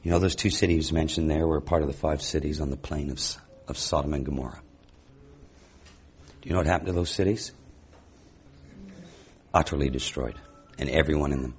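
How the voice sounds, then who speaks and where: A man's voice: rumbling low, fairly even intonation, a little fast, pauses often, a little hiss or hum. A man teaching a sermon, reading scripture aloud and reflecting on it with rhetorical questions. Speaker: Bible teacher.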